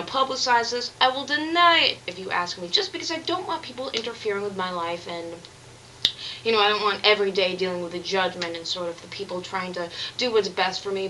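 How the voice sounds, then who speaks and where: Young woman, bright tone, candid rambling vlog confession, light room ambience. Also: medium pitch, a little hiss or hum, rough recording. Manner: candid, earnest, rambling with restarts. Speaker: vlogger.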